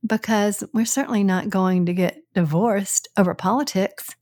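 An older woman co-hosting a podcast with her son, speaking in a calm, measured, reassuring way in a casual chat. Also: medium pitch, no room sound, clean studio sound. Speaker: podcast co-host, the host's mother.

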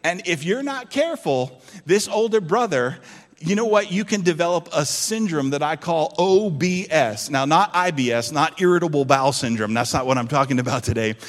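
A man's voice: fairly high pitch, expressive, moderate pace, big-room sound. Man preaching with big dynamic swings. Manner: dynamic preaching, swinging from loud emphasis to hushed tones. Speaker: pastor. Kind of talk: sermon.

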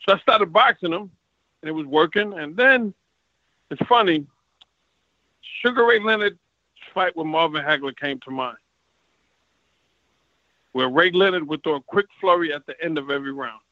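A bright, forceful male voice, set a little high, telling lively fight stories and slipping into the voices of the people he quotes. The sound is dry and slightly dull, like remote interview audio. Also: fairly quick, no echo. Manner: animated, acts out quoted exchanges. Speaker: retired boxer, guest. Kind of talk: casual storytelling interview.

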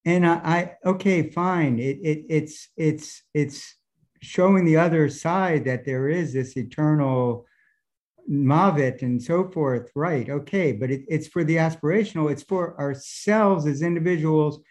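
A man's voice: on the high side, unhurried, a little mellow. A male student in a religious study class, thinking aloud as he raises a question and proposes his own answer. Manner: thoughtful, reasoning aloud.

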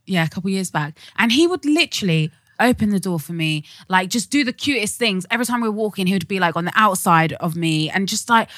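A woman's voice: medium pitch, lively intonation, fast, hardly any pauses, fairly bright tone, no room sound, clean studio sound. A young woman, co-hosting a casual chat and telling stories playfully. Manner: playful, giggly storyteller. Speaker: podcast co-host.

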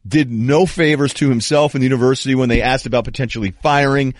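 A middle-aged man hosting a sports talk show, delivering an animated monologue and acting out quoted people in raised voices. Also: mid-range voice, fast, no room sound, studio quality. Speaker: sports talk radio host.

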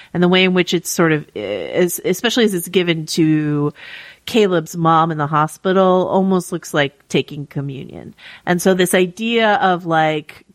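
A woman with a low voice co-hosts a podcast, recorded with no echo. She talks casually and chattily, full of fillers and restarts.

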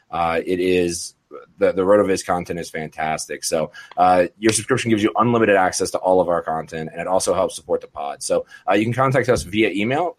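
Man, podcast host, low voice, casual chat, laughs a lot. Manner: laughs often, many fillers and restarts.

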